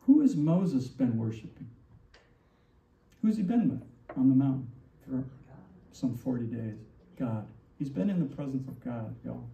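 A man preaching a sermon as pastor, animated and full of rhetorical questions, acting out the lines he quotes. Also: medium pitch, unhurried, vocal fry, long pauses. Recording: distant, roomy, dull church recording.

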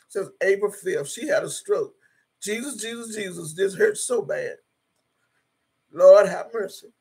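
Her medium-pitched voice is gravelly and husky, with a rough edge, as this YouTube streamer runs a relaxed livestream. She reads out her viewers' comments in a blunt way, cursing liberally and slipping into prayer at times.

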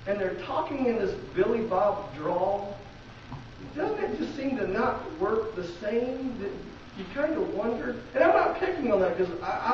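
The high-pitched voice of a male pastor with a Midwestern American accent comes through a very echoey, distant, dull lo-fi recording with a little hiss or hum. Preaching in church, he keeps it conversational and throws rhetorical questions at the congregation.

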